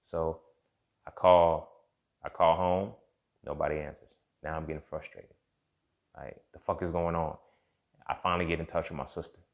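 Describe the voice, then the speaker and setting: A man's voice: extremely low pitch, steady tone, moderate pace, long pauses, muffled recording. A man hosting a show and telling a personal story in a casual, profane way, often speaking straight to the listener. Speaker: host.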